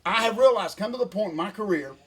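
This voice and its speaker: An older man, ranting in a folksy, animated way as co-host of a casual chat. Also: high-pitched, fast, slightly rough. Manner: folksy, animated rant with Southern phrasing.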